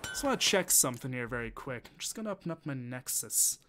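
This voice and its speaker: A man's voice: medium pitch, sing-song, fast talker, noisy background. A man, chatting and swearing casually as he thinks aloud while playing a game on stream. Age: 20s. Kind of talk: casual gameplay commentary.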